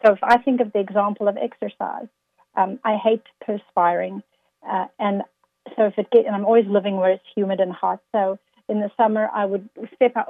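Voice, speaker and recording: A woman's voice: mid-range voice, fairly even intonation, fairly quick, dry recording. A woman guest speaker talking earnestly in a faith-based interview, quoting scripture to motivate listeners. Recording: tinny phone-like line.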